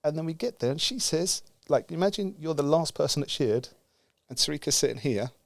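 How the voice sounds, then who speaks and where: A man from the UK telling a story with lively energy, acting out the dialogue and laughing as he goes. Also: fairly high pitch, brisk, creaky, no echo. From United Kingdom. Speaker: guest speaker. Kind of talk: animated storytelling.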